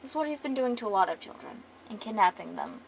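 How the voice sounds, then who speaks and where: A woman's voice: medium pitch, lively intonation, fast talker, vocal fry, slight background noise, rough recording. A young woman streamer casually retelling her comic's story, rambling with profane joking asides. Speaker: artist and streamer.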